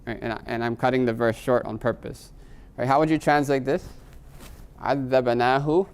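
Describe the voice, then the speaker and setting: A man's voice: mid-range voice, a little fast, smooth. A middle-aged man teaching Arabic grammar in a live class. He explains patiently, moves between English and Arabic terms, and keeps checking in with "right?".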